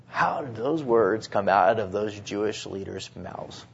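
A man preaching a sermon, swinging between hushed, drawn-out phrases and sudden emphatic bursts. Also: on the low side, lively intonation, gravelly, breathy edge. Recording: dull lo-fi sermon recording.

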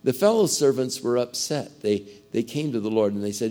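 A man preaching a sermon, emphatic and dramatic, swinging between loud bursts and hushed asides. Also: medium pitch, lively intonation, moderate pace, hardly any pauses.

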